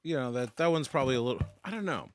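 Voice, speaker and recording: Lively jokey man chatting. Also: mid-range voice, rapid-fire. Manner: jokey, lively, slips into a mock Boston accent. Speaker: co-host. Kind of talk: casual chat.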